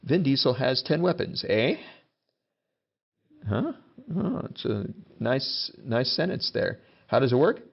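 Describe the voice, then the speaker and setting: A man's voice: medium pitch, big pitch swings, slow pace, vocal fry, pauses often, husky, muffled recording. A male teacher giving a casual, joking lesson, acting out example commands as he goes.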